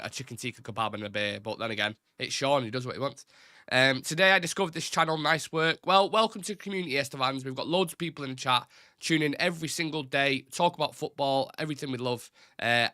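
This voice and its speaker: A man's voice: mid-range voice, bright, forceful tone, dry recording, studio quality. A man hosting a live fan stream, chatting casually and reading out viewer comments in a rambling, self-deprecating way. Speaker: host of a live fan show.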